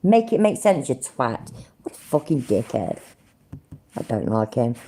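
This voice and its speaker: British woman streamer, low mellow voice that swings widely, sarcastic and profane. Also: very animated, a little slow, slightly rough. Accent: British English. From Britain. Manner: sarcastic, sweary ranting. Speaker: livestream host. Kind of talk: live commentary reacting to clips.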